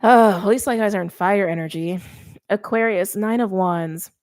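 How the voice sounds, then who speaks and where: A woman's voice: medium pitch, normal speed, darkish tone. A young adult woman giving a chatty, emphatic tarot reading, interrupting herself often. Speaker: tarot reader.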